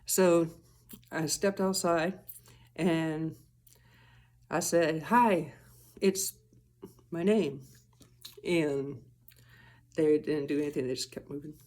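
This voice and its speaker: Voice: medium pitch, little pitch movement, takes it slowly, pauses often, darkish tone. A person talking casually to camera in a rambling, profane vlog monologue, chuckling often and trailing off mid-thought. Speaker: vlogger.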